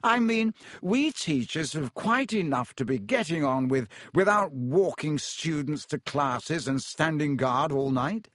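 A man's voice: a little high, expressive, unhurried, hardly any pauses, fairly bright tone, dry recording, clean studio sound, pitched above the performer's own voice. A man voicing a vain, pompous male wizard teacher in an audiobook, with a self-satisfied, lofty delivery. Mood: gracious. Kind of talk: audiobook character voice.

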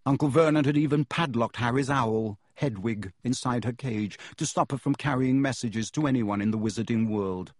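Husky-voiced male audiobook narrator. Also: medium pitch, normal speed, few pauses, no room sound, clean studio sound.

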